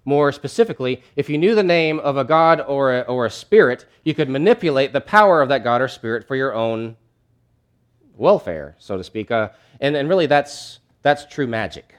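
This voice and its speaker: A man's voice: medium pitch, expressive, moderate pace. A man preaching a sermon in a conversational, emphatic way, often restarting his phrases.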